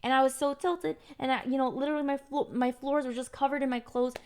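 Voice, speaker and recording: A woman's voice: high voice, steady tone, quick pace, a little mellow, clear, resonant tone. A young adult woman streamer casually telling her chat an exasperated story, full of back-and-forth retellings.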